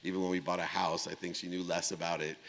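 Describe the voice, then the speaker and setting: A middle-aged man from Ohio telling a story in a keynote speech, acting out the dialogue with big swings in pitch and volume. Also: level tone, fast, a bit bright. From Ohio, USA. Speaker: keynote speaker. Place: large conference hall. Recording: long hall reverb.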